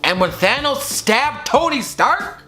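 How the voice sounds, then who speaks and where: A man giving a casual, excitable movie review at home, speaking straight to his viewers and calling them guys. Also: very high voice, takes it slowly, faint music behind. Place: at home, filmed by his girlfriend.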